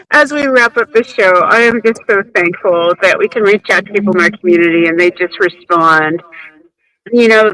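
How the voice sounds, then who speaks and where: A woman's voice: mid-range voice, a bit bright, rough recording. A woman co-hosting a casual radio show, speaking sincerely as she wraps up. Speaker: radio co-host.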